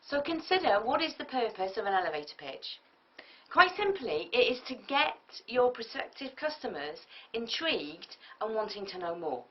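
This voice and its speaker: A woman giving a business tutorial, lively and often acting out example speakers. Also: a little high, moderate pace. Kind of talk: tutorial lecture. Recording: muffled lo-fi audio from a distance.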